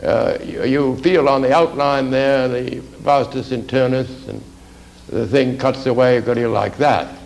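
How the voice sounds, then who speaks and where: A man's voice: mid-range voice, fairly even intonation, unhurried, vocal fry, a little mellow, low-quality recording. A man teaching anatomy for artists in a rambling, conversational lecture, full of fillers and asides. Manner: rambling, conversational, lots of fillers and "you see".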